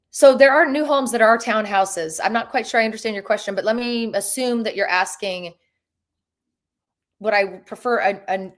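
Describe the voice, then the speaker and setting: A woman's voice: medium pitch, a bit bright. A woman in her thirties hosting a live Q&A stream from home, chatty and bubbly, with lots of fillers and restarts. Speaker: real estate agent and host. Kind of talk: live stream Q&A, casual chat.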